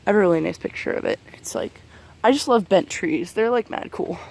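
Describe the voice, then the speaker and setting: A woman's voice: medium pitch, fairly quick, vocal fry, darkish tone. A woman in her twenties angrily venting in a casual vlog, swearing a lot while walking outdoors among trees. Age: 20s. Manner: angry, profane, venting. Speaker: vlogger.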